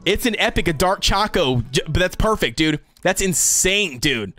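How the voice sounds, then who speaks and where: Young guy streamer freaking out over game pulls, pitch jumping all over, faint music behind. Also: animated, normal speed, sharp tone. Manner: hyped, says dude and bro constantly. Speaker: gaming streamer. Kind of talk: excited livestream gacha reaction.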